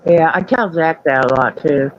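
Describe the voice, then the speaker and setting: On a live stream, a woman with a deep voice chats casually at a normal pace, candid and rambling. She often puts herself down, and the audio sounds dull.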